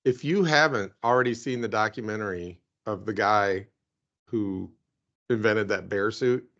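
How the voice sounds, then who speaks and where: A man's voice: lowish voice, a little slow, fairly bright tone, highs cut off. A man co-hosting a casual talk show, with a dry, wry sense of humor, laughing at his own jokes. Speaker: podcast co-host. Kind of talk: casual chat.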